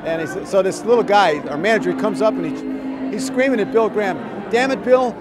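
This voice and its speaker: A man being interviewed about his music career, telling an anecdote with animated quoted voices. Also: sits high, fast. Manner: animated storyteller, acts out quotes. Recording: crowd noise behind.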